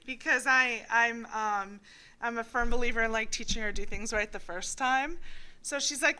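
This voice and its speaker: A woman's voice: fairly high pitch, moderate pace, bright, forceful tone. A woman in her thirties co-hosting a casual chat, telling stories and laughing often. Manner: chatty storyteller, laughs often. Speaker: podcast co-host.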